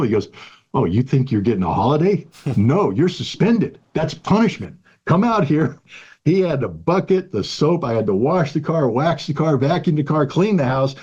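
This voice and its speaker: A man's voice: mid-range voice, warm tone, slightly rough, lo-fi sound. A man in his sixties in an interview, telling a personal story in an earnest, emphatic way and repeating key phrases. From United States. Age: 60s. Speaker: guest.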